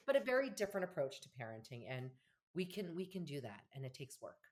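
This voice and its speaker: A woman in her fifties, a family therapist talking in an interview, animated and acting out quoted dialogue with laughs. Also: a bass voice, fast. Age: 50s. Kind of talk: conversational podcast interview.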